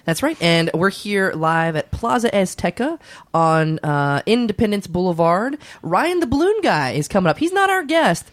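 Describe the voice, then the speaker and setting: A goofy, self-important midwife doctor hosting a comedy podcast, as a man plays him. He giggles and rambles in a lively, swooping voice and keeps wandering off topic. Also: sits high, normal speed, dry recording. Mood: giggly. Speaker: host.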